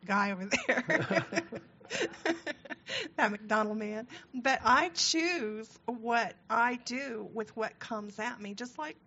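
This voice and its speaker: Slow-speaking woman teaching a marriage seminar. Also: mid-range voice, fairly bright tone. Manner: slow, reflective, clears throat. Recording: dull lo-fi recording.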